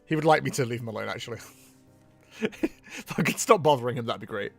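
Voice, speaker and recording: A man's voice: medium pitch, a little fast, creaky, slightly rough, soft background music. A man casually chatting to his stream from home, teasing his viewers with playful mock outrage. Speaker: livestream tournament commentator.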